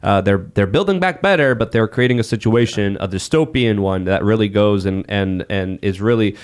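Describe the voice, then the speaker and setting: A man's voice: on the low side, moderate pace, clear, resonant tone. A man co-hosting a podcast in casual chat, emphatic and reeling off grievances one after another. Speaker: podcast co-host.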